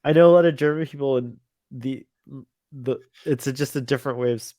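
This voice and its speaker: A man's voice: medium pitch, fairly quick, dark tone, dry recording. Upbeat laughing man, dry close sound. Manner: enthusiastic, laughing, many fillers. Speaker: podcast co-host. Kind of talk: casual chat.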